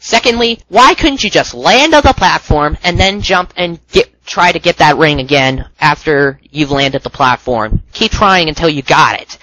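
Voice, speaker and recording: A man's voice: on the high side, animated, moderate pace, few pauses, bright, forceful tone, dry recording, poor audio. A man doing a rebuttal commentary on a game review, exasperated and lecturing.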